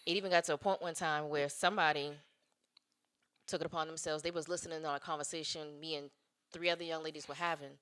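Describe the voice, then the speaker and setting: Woman, podcast co-host, blunt, profane, quick talker, bright tone. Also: deep voice, fairly even intonation, smooth. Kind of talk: casual podcast chat.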